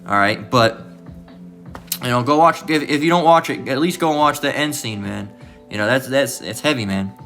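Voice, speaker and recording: A man's voice: mid-range voice, moderate pace, fairly bright tone, faint music behind. Emphatic profane preacher man. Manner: emphatic and profane, repeats "all right?" constantly. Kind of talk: informal preaching lesson.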